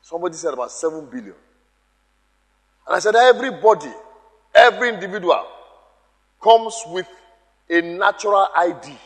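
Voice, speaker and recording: High-voiced man preaching in an echoey hall. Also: lively intonation, moderate pace, pauses often. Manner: emphatic, repeats key phrases, calls out to the congregation. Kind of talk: sermon.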